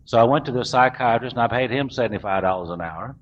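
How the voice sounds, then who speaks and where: A man's voice: mid-range voice, quick pace. A middle-aged man, telling his recovery story to a meeting in a folksy, self-mocking way. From US South. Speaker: recovering alcoholic speaker. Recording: dull lo-fi recording, faint room hiss.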